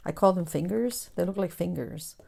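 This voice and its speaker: Woman, crafting channel host, casual chat, gravelly voice, slips into whispers. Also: on the low side, moderate pace, dark tone. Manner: chatty storyteller, calls her viewers "guys", drops to whispers.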